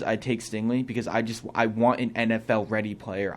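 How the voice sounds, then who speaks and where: A young male co-host talks football in a small studio, voice sitting a little low. He is opinionated and thinks out loud, restarting sentences as he works through his view in a loose, casual chat. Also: normal speed, few pauses.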